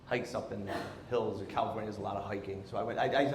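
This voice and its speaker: A man performing a stand-up comedy set on a theatre stage, telling stories in an animated, exasperated way through a handheld microphone. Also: on the low side, very fast, background noise. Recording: roomy theatre echo.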